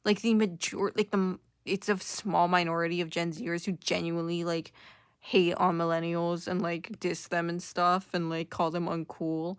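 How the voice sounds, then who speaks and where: A woman's voice: on the low side, little pitch movement, moderate pace, smooth, no room sound, studio quality. A young woman giving a sarcastic, casual commentary rant full of filler words. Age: young adult. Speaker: commentary YouTuber.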